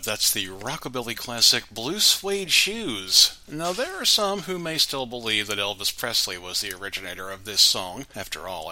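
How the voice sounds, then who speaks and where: A man's voice: lowish voice, pushed and bright, poor audio. A man hosting a music show, introducing songs with wry, sarcastic asides in a casual scripted way. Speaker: radio show host.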